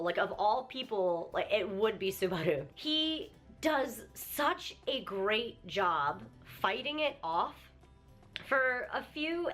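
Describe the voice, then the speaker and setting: A young woman vlogger giving an emotional, animated anime review rant, swearing freely. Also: mid-range voice. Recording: faint music behind.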